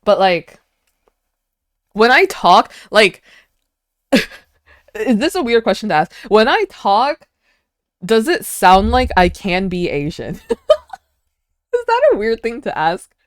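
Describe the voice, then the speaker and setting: A woman's voice: mid-range voice, huge pitch swings, slow pace, pauses often, dry recording, studio quality. A young woman with an American accent, a first-language Vietnamese speaker, chatting casually as a streamer with viewers, giggly and full of filler words. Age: young adult. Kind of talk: casual chat, answering viewer chat.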